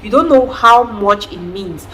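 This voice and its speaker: A woman, chatting in an emphatic, animated way as a vlogger giving advice. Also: medium pitch, measured pace, slight background noise, poor audio. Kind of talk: casual advice vlog.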